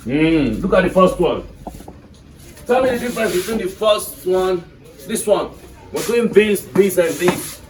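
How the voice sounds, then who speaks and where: A man's voice: high voice, animated, measured pace, long pauses. Nigerian male teacher in an echoey classroom. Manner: questioning students, repeats "are you getting me". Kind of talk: classroom English lesson. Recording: echoey classroom from far off with noise.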